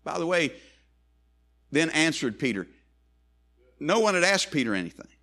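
Male preacher, high and bright, hushed to ringing. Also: very animated, moderate pace. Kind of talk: sermon.

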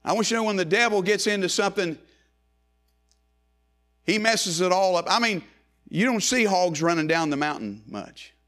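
A man preaches in an animated manner at a moderate pace with long pauses, shifting between loud rising calls and quiet low phrases and repeating lines as the cadence builds.

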